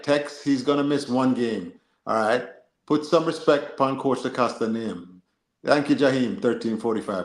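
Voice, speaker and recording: A man co-hosting a football live stream, reading and answering chat in an animated, joking way. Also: mid-range voice, roomy sound. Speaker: livestream co-host.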